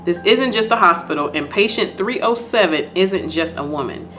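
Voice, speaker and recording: A woman's voice: lowish voice, expressive, normal speed, fairly bright tone, faint music behind. A woman casually recapping and reacting to a TV episode, chatty and repetitive, with lots of "like" and "you know". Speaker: video host.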